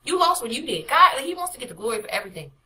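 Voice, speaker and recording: A woman's voice: high voice, sing-song, very fast, sharp tone, rough recording. A young adult woman, a prophetic minister, preaching an informal devotional with emphatic, repetitive exhortations.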